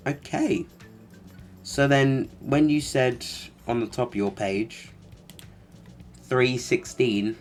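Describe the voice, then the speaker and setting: A man giving casual reaction commentary, exasperated and sarcastic, with lots of fillers. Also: medium pitch. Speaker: commentary vlogger.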